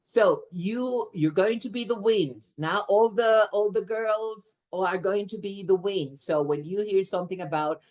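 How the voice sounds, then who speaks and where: A woman giving a lively workshop talk to teachers as a teacher trainer, animated and expressive, often checking in with a quick "right?". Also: mid-range voice.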